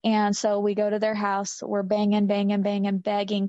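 Woman with a flat, earnest voice on dull audio. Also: mid-range voice, moderate pace, hardly any pauses, dry recording. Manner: earnest, repeats phrases for emphasis. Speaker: interview guest. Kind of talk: recounting a personal story. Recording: dull lo-fi sound.

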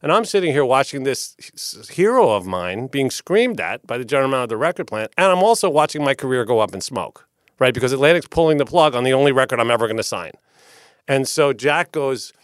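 A middle-aged man, a music executive guest, telling lively anecdotes in a podcast interview and acting out the people he quotes. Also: medium pitch, fairly quick, dry recording, studio quality. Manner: lively storyteller who acts out quotes, with frequent restarts.

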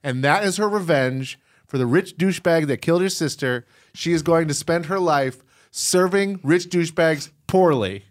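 A man's voice: fairly high pitch, moderate pace, no room sound, studio quality. A man co-hosting a podcast, riffing in a sarcastic, jokey way in casual conversation. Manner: sarcastic, riffing with absurd jokes. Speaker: podcast co-host. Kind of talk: casual comedic chat.

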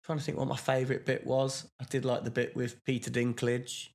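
A man's voice: medium pitch, completely flat delivery, a little fast, darkish tone. A man co-hosting a podcast, chatting casually with lots of fillers and restarts. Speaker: podcast co-host. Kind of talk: casual chat.

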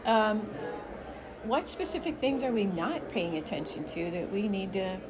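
A woman's voice: medium pitch, expressive, a little slow, noisy background. A woman hosting a podcast, talking casually and chattily, laughing and restarting her sentences. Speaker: podcast host. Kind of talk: casual interview chat.

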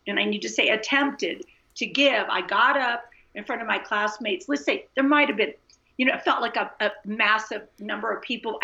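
A woman guest being interviewed, telling a personal faith story in an animated, earnest way. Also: a little high. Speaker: guest, Christian author and speaker. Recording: dull lo-fi sound.

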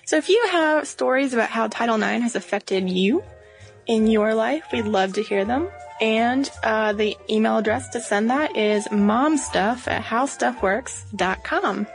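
A woman's voice: fairly high pitch, measured pace, vocal fry, faint music behind. A woman co-hosting a podcast in friendly, conversational chat. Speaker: podcast co-host.

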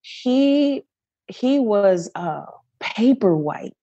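A woman's voice: mid-range voice, sing-song, very slow, mellow, no echo, muffled recording. A middle-aged woman, a guest performer, telling a story candidly in an interview, emotional and often repeating and restarting phrases.

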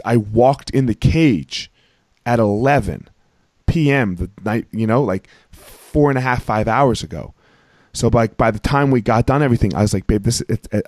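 Male host, excitable storyteller, rambling with many fillers, dry close sound. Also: lowish voice, no room sound. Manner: rambling, heavy on filler words and restarts; excitable, emphatic. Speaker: podcast host. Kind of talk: casual storytelling chat.

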